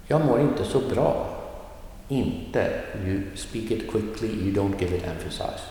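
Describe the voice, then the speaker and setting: A man teaching a language lesson, explaining slowly with many fillers and repeating example phrases aloud. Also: fairly low pitch, animated, warm tone. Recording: echoey room with long reverb.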